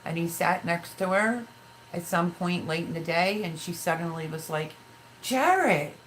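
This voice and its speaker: Her somewhat low, steady, fairly bright voice moves at normal speed, with poor audio and a faint background hiss. The woman in her fifties chats casually on her livestream, reading viewer comments aloud and slipping into emotional stories from her life.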